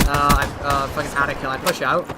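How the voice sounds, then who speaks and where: A young man with a fairly high voice tells gaming stories in an excitable, swearing rush. Loud background noise and game gunfire sit behind him on the recording. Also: fairly quick. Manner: excitable storyteller, swears freely. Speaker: channel host. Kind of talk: casual gaming chat.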